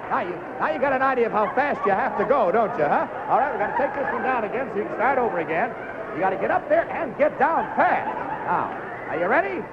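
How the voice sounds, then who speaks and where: A man's voice: high voice, expressive, fast talker, highs cut off, over a noisy crowd, heavy background noise. A man hosting a live 1950s television game show, coaxing contestants through stunts with a jovial, laughing manner.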